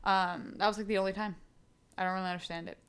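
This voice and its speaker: A young woman co-hosting a casual podcast, her voice bright and forceful. She rambles through stories with lots of "like" and "um", in an easy, chatty tone. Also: medium pitch, fairly even intonation, quick pace, clear, resonant tone. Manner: rambling storyteller with many fillers. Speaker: podcast co-host. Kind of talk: casual chat.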